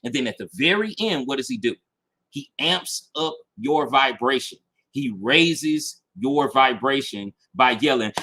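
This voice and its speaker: A man's voice: mid-range voice, sharp tone, slightly rough. A man teaching a casual online marketing lesson. He is emphatic, repeats his key points and keeps checking in with his listeners. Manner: reads review passages aloud and then picks them apart. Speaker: marketing instructor.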